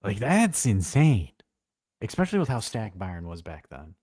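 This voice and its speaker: Guy on a live stream talking football, lowish voice, blunt, swears a lot, dry mic. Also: moderate pace, no room sound. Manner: blunt, swears freely, animated storytelling. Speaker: co-host.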